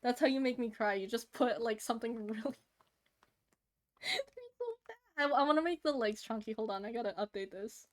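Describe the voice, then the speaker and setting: Giggly woman streamer, fairly high voice. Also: quick pace, hardly any pauses. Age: 30s. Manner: giggly, squeals and gushes over cute things. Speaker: livestreamer. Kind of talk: casual stream chatter while drawing.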